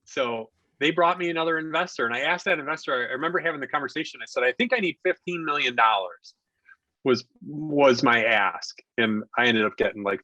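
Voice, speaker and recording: A man's voice: medium pitch, no echo, highs cut off. A man in his forties telling a story as a podcast guest, talking casually and acting out the people he quotes. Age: 40s. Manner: animated storyteller who acts out quoted dialogue. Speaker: podcast guest, investor and contractor.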